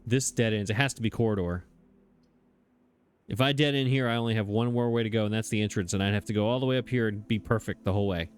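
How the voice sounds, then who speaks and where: A man hosts a let's play, thinking aloud into his desk microphone in a casual way, hesitating and chuckling at himself. He talks fast in a lowish voice with fairly even intonation.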